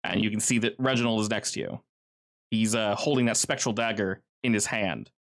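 A man's voice: lowish voice, fairly quick, creaky, a bit bright. A man running a tabletop game as game master, telling the scenes in a casual, vivid way with many fillers.

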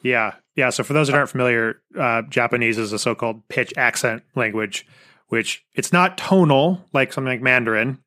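Male interview host, bright tone, casual and playful, gives listeners background. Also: mid-range voice, brisk. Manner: chatty, explains things and jokes around. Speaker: podcast host.

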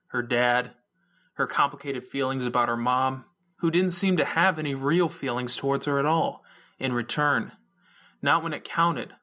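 A male narrator reading an audiobook chapter, carrying the story at a steady, even pace. His voice sits at a middle pitch and has a bright, clear-cut tone that stays forward throughout. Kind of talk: scripted narration.

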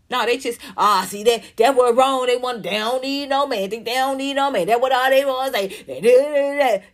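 A woman hosts a livestream in a casual commentary style, reading viewer comments aloud and answering them bluntly, emphatically, and with plenty of profanity. Her voice is high, and she talks at a moderate pace with hardly any pauses.

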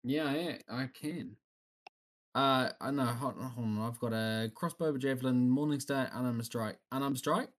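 A man's voice: medium pitch, measured pace. A man playing a tabletop game, thinking aloud as he picks his character's moves. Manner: thinks aloud while scrolling through options. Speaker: player. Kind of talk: casual game talk.

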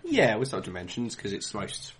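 A man's voice: on the low side, huge pitch swings, quick pace, husky. A man co-hosting a casual podcast chat, dropping dry, wry asides. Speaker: podcast co-host.

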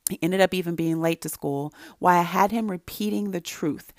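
A middle-aged woman delivers an earnest, faith-based teaching, building her points through emphatic repetition. Her voice sits low and carries a gravelly fry. The sound is close and dry, with no room around it. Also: a little fast, darkish tone, no room sound. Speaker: Christian speaker to mothers.

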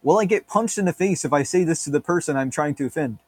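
A man's voice: on the high side, animated, fast, slightly rough, no echo. A man co-hosting a podcast, rambling and joking in casual banter, swearing freely. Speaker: podcast co-host.

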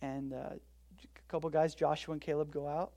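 Casting: relaxed preacher, mid-range voice, jokey storytelling sermon with big loud-to-soft swings. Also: medium pitch, moderate pace. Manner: casual, joking storytelling with sudden swings between loud and quiet. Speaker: pastor. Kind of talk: conversational sermon.

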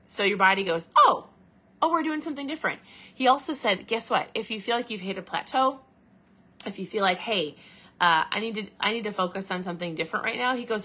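A woman with a bright, forceful voice hosts her show in a relaxed live chat. She talks off the cuff and often slips into animated voices when she quotes people. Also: mid-range voice. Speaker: podcast host. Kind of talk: casual live talk.

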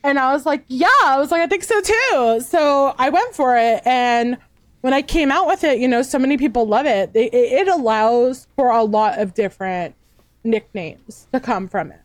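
A woman's voice: high-pitched, expressive, moderate pace, dry recording. A woman guest, a VTuber, chatting casually and rambling with fillers and restarts. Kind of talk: casual chat.

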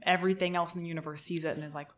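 A woman's voice: lowish voice, fairly even intonation, racing. Young adult woman, podcast co-host, casual chatty storyteller with a joking tone. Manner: chatty, jokey, swears casually.

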